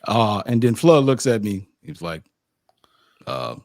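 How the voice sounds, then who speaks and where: A man with an animated, stammering manner, telling a casual story as a sports media host. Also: on the low side, normal speed, no echo, clean studio sound. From United States. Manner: animated, acts out quotes, frequent stammered restarts.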